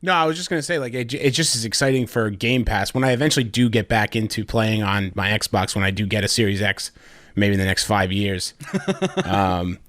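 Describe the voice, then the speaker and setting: A man's voice: on the low side, a little fast, fairly bright tone, no echo, studio quality. A man guesting on a gaming podcast, chatting in an easygoing way with casual phrasing.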